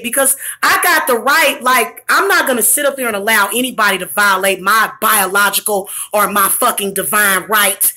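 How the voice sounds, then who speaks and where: Bright-voiced angry woman ranting. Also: fairly high pitch. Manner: profane, heated venting with bursts of shouting. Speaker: vlogger.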